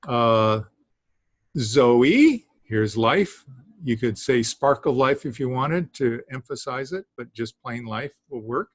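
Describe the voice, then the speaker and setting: Man, teacher, slow pace, halting with fillers, dry close sound. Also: medium pitch, lively intonation, no room sound. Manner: halting, with many fillers and small laughs. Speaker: Greek teacher. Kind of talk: classroom lesson.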